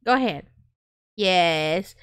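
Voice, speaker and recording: A woman hosting a gaming channel, chatting casually and excitably through gameplay, often squealing and laughing. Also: fairly low pitch, very slow, clear, resonant tone, no room sound, clean studio sound.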